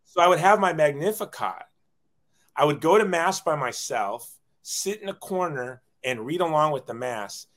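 A man's voice: on the high side, lively intonation, normal speed, fairly bright tone. A man in his forties, a guest telling his life story in a casual, self-deprecating way, often acting out quoted dialogue.

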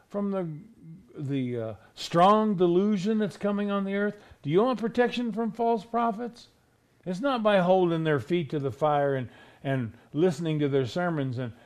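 A man delivering a sermon in a fairly high voice. He is emphatic and pounds his points home with rhetorical questions, stretching out the words he wants to stress. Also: darkish tone. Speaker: preacher.

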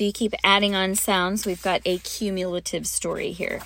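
A woman's voice: medium pitch, little pitch movement, normal speed, few pauses, fairly bright tone, no room sound. A woman hosting a podcast for music teachers, talking in a bubbly, gushing way with frequent ums. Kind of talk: enthusiastic teaching talk.

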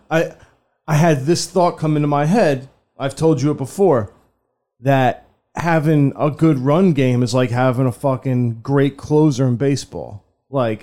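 Podcast co-host, male, dark mellow tone, loose profane banter. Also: medium pitch. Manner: loose, profane, laughs often. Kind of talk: casual sports podcast chat.

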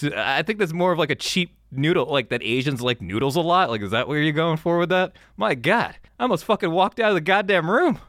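A man's voice: mid-range voice, fairly bright tone, no echo, studio quality. A young man hosting an advice podcast in casual chat, rambling and stammering with lots of swearing. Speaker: podcast host.

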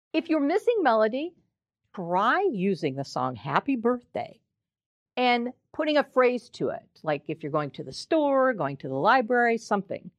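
An older woman voice coach giving an expressive presentation talk, demonstrating examples with her voice. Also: fairly high pitch, no room sound, dull audio.

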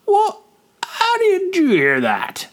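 A man's voice: mid-range voice, animated, a little slow, a bit bright, voice pushed up. A man voicing a boastful, bawdy old male sailor who slurs his words in an audio story. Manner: slurring.

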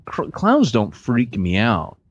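Speaking slowly in a husky, mid-range voice, this forties-aged podcast co-host tells a story during a relaxed chat. He's an animated narrator who performs each character's voice, captured on lo-fi sound.

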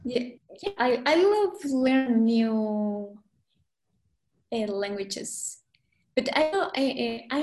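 A woman with a Spanish accent, a Spanish teacher speaking English as a second language as a podcast guest, halting and searching for words with many fillers. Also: on the high side, darkish tone. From Guatemala. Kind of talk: casual interview chat. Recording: echoey room.

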